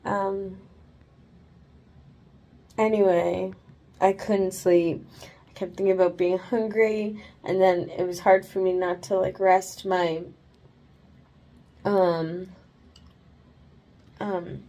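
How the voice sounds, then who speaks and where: A tired woman vlogging casually at home after oral surgery, rambling with lots of fillers and swearing freely. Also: medium pitch. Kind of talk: casual late-night vlog. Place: home, bed then bathroom.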